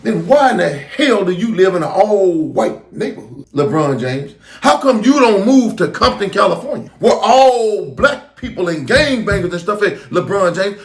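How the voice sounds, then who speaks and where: A man's voice: high-pitched, sing-song, normal speed, hardly any pauses. A middle-aged man giving emphatic, preachy commentary as host of his own channel. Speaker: host of a street talk channel. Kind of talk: impassioned commentary. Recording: roomy echo.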